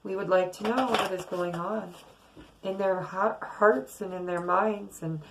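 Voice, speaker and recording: A woman's voice: medium pitch, fairly even intonation, unhurried, background noise. A middle-aged woman giving a casual, earnest tarot reading to her viewers, often repeating words for emphasis. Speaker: tarot reader.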